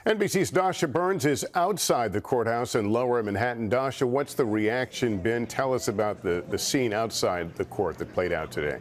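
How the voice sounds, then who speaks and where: A man anchoring an evening newscast, handing off to reporters in a measured, formal way. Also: mid-range voice, animated. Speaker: news anchor.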